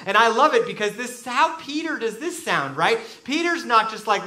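A man preaching a sermon to a room full of listeners, swinging between quiet reflection and loud emphasis as he acts out quoted voices. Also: very high-pitched, big pitch swings, moderate pace, hardly any pauses, roomy sound. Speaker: pastor. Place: large room with an audience.

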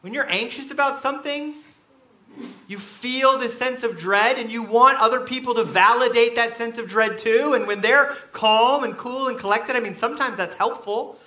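A man preaching a sermon to a room full of listeners, swinging between quiet reflection and loud emphasis as he acts out quoted voices. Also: very high-pitched, normal speed, roomy sound. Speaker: pastor. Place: large room with an audience.

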